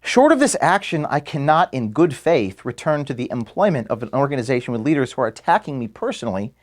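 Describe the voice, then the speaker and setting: An earnest man addresses his staff in a recorded farewell statement from an office. His mid-range voice moves between firm declarations and softer, emotional moments. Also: medium pitch. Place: office at headquarters.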